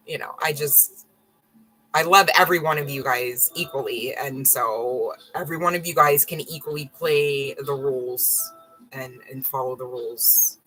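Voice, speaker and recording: A woman's voice: extremely low pitch, sharp tone, poor audio. A woman reading tarot on a live stream, rambling and frank, swearing and apologizing often. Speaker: tarot reader.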